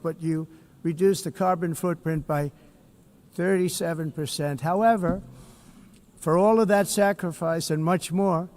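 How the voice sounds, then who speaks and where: Man, head of state, formal assembly speech, boastful, blunt, rambling asides, slightly high voice, podium mic. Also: darkish tone. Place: large assembly hall.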